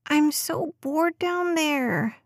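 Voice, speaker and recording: A high, whiny little girl, bored and stubborn, pleading and sulking in a storybook reading. The voice is thin and unlike the reader's usual tone, with a pitch far above it. The recording is dry and close. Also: lively intonation, extremely slow, no echo, exaggerated voice.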